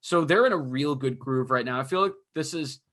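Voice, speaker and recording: Bright-voiced man rambling through hockey analysis. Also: mid-range voice, fairly quick. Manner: rambling, filler-heavy analysis. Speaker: podcast co-host. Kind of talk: casual sports chat.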